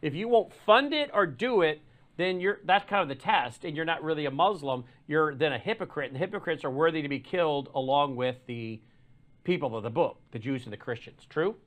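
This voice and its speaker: A man's voice: a little high, lively intonation, brisk, fairly bright tone. A male talk show host who leads the conversation and keeps asking his guest to confirm his points. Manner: leading, asks for agreement. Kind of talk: radio talk show discussion.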